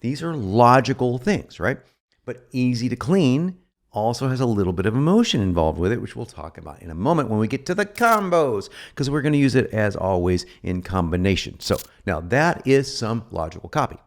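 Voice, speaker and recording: A man giving an informal copywriting lesson, animated and joking as he explains. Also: medium pitch, brisk. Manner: animated, joking asides, lively delivery. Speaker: copywriting instructor. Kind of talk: informal teaching.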